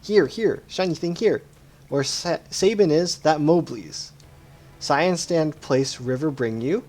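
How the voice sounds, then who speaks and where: A man voicing a wild, feral boy who talks in excitable broken baby-talk while reading game dialogue aloud. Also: a little high, slow, voice pushed up. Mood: eager. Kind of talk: video game dialogue read aloud with voices.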